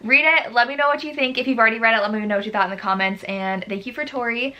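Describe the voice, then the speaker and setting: A young woman talking casually in a book vlog, animated and exasperated as she gushes and rants about a read. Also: a little high, fast talker. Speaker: book vlogger.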